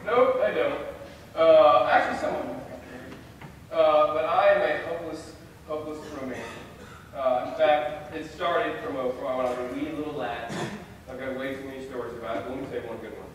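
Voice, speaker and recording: A young man telling a self-deprecating, animated story as a chapel speaker. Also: medium pitch, fairly quick, a little hiss or hum. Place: large hall. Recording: echoey hall from far off.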